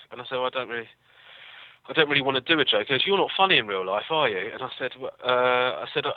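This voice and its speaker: English man, comedian guest, rambling anecdotes, dry self-deprecating humor, quick talker, tinny phone-like sound. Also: medium pitch, no room sound. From England. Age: young adult. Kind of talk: casual storytelling.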